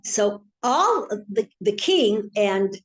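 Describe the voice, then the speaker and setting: A woman teaching a Torah class, telling a story in an animated, chatty way. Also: mid-range voice, takes it slowly, rough recording.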